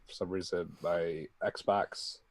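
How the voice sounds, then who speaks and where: A man's voice: deep voice, little pitch movement, slow pace, no room sound. A man co-hosting a casual sports podcast, blunt and rambling, with some swearing. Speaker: podcast co-host.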